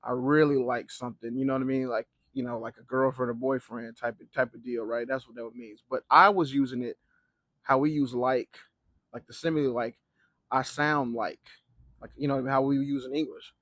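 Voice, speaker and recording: A man's voice: medium pitch, steady tone, moderate pace, fairly bright tone, no echo. A young man giving casual advice on learning Spanish, loose and slangy, with plenty of fillers and swearing. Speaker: Spanish teacher and vlogger. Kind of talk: casual talking-to-camera advice. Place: living in Mexico.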